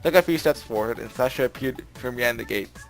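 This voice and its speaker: A man's voice: medium pitch, fairly quick, creaky, soft background music. A young man reading a visual novel aloud and commenting on it, rambling, with lots of filler words and laughs. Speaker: let's play narrator.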